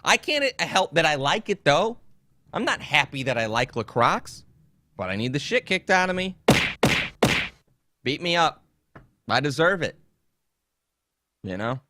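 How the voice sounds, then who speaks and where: A man's voice: on the high side, sing-song, a little slow, long pauses, sharp tone, slight background noise. A man hosting a podcast on his own, talking in a profane, sarcastic, rambling way. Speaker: podcast host. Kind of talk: casual solo podcast monologue.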